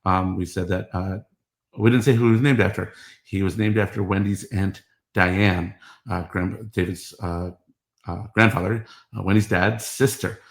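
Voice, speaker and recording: A middle-aged man with a lowish voice rambles through a personal monologue, halting often with fillers and restarts. The room around him is echoey. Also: steady tone, creaky. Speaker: father recording family history.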